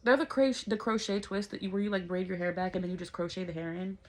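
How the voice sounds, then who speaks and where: A woman's voice: fairly low pitch, flat delivery, fast talker. A woman, chatting casually to camera in a vlog, blunt and swearing freely. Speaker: vlogger.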